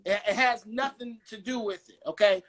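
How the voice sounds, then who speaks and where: A man from Chicago talking on a video call in a casual, animated, joking way and swearing freely. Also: high voice, normal speed. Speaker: guest musician.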